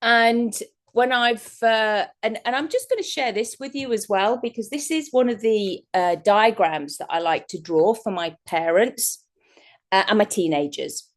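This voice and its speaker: A woman's voice: mid-range voice, a little slow. Woman, guest speaker, online workshop, chatty and rambling, laughs a lot, video call audio.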